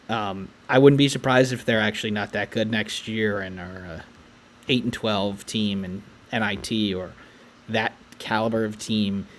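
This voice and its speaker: Podcast co-host, male, mid-pitched, calm analytical sports talk full of numbers. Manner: stat-heavy, measured, some restarts. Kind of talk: casual sports analysis chat.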